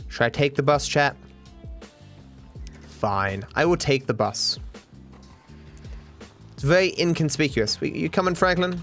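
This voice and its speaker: A young man from Australia giving excitable, animated gameplay commentary, with frequent swearing. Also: a little high, unhurried, pauses often, faint music behind. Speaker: gaming streamer.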